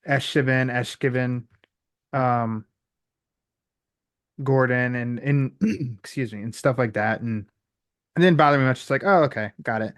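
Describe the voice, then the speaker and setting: A man's voice: medium pitch, fairly bright tone, clean tone, dry recording. A man hosting a podcast, chatting loosely with lots of likes and you-knows. His voice sits in the middle of the male range. It sounds close and dry. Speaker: podcast host. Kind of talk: casual podcast chat.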